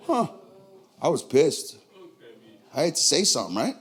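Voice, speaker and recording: A man's voice: medium pitch, very animated, moderate pace, pauses often, some chatter behind. A young man with a Tulare, California accent performing a profane, brash stand-up comedy set. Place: comedy club.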